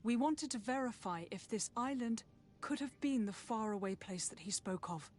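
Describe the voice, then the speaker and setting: A woman's voice: fairly high pitch, lively intonation, normal speed, a little mellow. A woman voicing a fleeing female scholar in video game dialogue, earnest and pleading.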